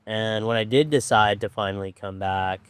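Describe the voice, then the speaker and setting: Laid-back rambling man, lowish voice. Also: normal speed, smooth, dry recording. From Orange County, California. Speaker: treatment program director. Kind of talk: casual storytelling on a podcast.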